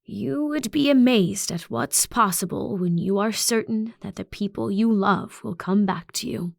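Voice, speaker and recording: A woman narrator voicing an elderly female school principal, speaking softly and with measured sorrow. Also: mid-range voice, creaky, dry recording, clean studio sound. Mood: calm, guarded. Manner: soft, measured, quietly sorrowful.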